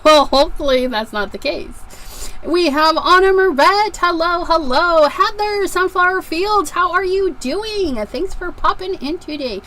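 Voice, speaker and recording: Chatty high-voiced craft livestream host. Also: female voice, bright, forceful tone, a little hiss or hum, low-quality recording. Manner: chatty, greets viewers by name one after another. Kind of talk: casual livestream chat while crafting. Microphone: desk microphone with a level meter.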